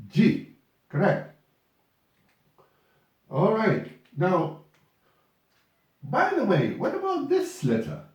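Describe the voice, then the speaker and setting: A male teacher leads a pronunciation lesson, speaking slowly and repeating each word patiently. His pitch is a little raised and swings widely. The sound is distant and very echoey, as if caught from across a classroom. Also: darkish tone. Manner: patient, repeats words for students. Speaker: English teacher.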